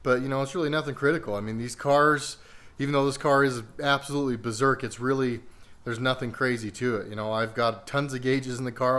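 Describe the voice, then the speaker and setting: Smooth-voiced man vlogging casually. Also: medium pitch. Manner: relaxed, rambling with many fillers. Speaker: car vlogger. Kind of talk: casual vlog walkthrough. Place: home garage.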